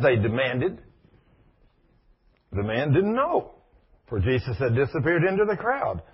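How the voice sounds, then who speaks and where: A man preaching a sermon with animated delivery, turning to speak to people in the room as he goes. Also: medium pitch, a little slow, long pauses, husky. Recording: dull lo-fi recording.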